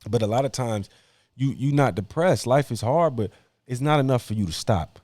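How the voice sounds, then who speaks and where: A young man hosts a podcast in a casual debate style, delivering a preachy monologue of blunt, slang-filled hard-work advice to other men. His medium-pitched voice is a little mellow, with lively intonation and normal speed. The recording is dry with clean studio sound.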